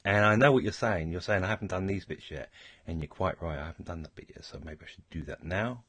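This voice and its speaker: Man, husky voice, dry close sound, casual tutorial talk, thinking aloud. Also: sits low, fast, dry recording. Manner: relaxed, mutters and thinks aloud while working. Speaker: art tutorial host. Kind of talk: casual narrated drawing tutorial.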